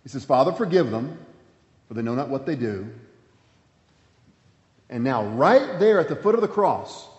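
A man pastor preaching a sermon, swinging between emphatic points and hushed, quiet passages. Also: mid-range voice, sing-song, moderate pace, long pauses. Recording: echoey hall, dull sound.

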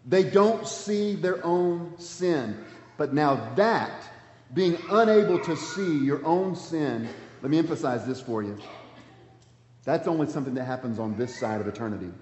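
A man preaching a sermon, with emphatic delivery that swings between loud calls and hushed words. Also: a little high, lively intonation, a little slow, slight background noise. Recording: dull, echoey hall sound.

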